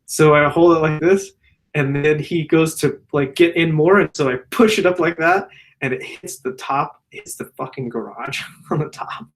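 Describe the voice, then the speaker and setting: A man's voice: a little high, normal speed. Laid-back, swearing male surgeon host. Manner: profane, loose storytelling. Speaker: general surgeon hosting a Q&A. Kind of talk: casual Q&A chat.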